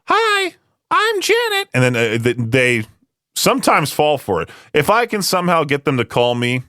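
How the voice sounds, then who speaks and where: A man's voice: mid-range voice, animated, fairly quick, a bit bright, clear, resonant tone, no room sound. Chatty radio host in his twenties. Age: late 20s. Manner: chatty, rambling, self-amused. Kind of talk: casual radio talk. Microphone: studio microphone. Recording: dry close studio sound.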